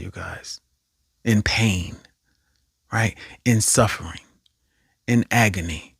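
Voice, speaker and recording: Animated preacher man, dry sound. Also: fairly low pitch, slightly rough, no echo. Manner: animated, often asks "right?"; repeats phrases for emphasis. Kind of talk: online sermon.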